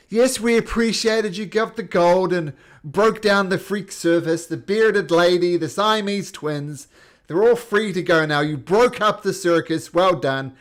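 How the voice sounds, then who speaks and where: A man voicing a loud, exasperated male circus handler in a tabletop game, ranting and shouting. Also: high voice, pitched above the performer's own voice. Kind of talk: tabletop role-play voice.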